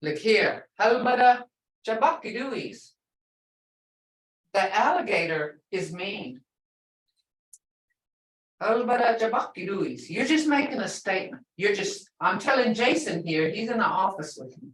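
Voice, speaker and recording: A middle-aged woman teaching a live language lesson, repeating words slowly and patiently for her learners. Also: mid-range voice, expressive. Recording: echoey room, far from the mic.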